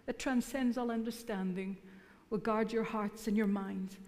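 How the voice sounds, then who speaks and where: A woman's voice: medium pitch, steady tone, a little slow, darkish tone. A middle-aged woman preaching a sermon in church, mixing earnest appeals with teasing humor. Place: church hall. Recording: long hall reverb.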